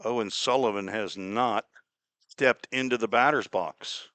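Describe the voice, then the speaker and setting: A man from Cincinnati calling a baseball game play by play, chatty and folksy, drifting into small talk between pitches. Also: unhurried, sharp tone, no room sound. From Cincinnati, Ohio. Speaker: play-by-play announcer. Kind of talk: live baseball radio commentary.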